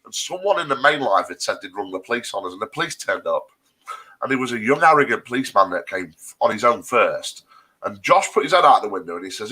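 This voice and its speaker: A man tells a crude story in a lively, bouncing voice. His tone is bright and a little husky. He talks in casual banter among mates. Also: on the low side, quick pace. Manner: crude jokey storytelling, bursts into loud laughter.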